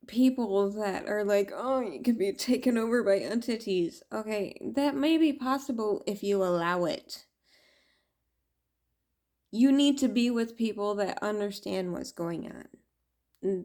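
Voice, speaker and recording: A woman's voice: mid-range voice, warm tone. A woman tarot reader talking casually to camera, rambling, laughing often and swearing.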